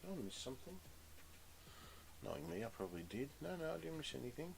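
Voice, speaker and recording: A man's voice: fairly high pitch, big pitch swings, fast talker, gravelly. A man hosting a casual live stream, chatty and muttering to himself while concentrating on a build.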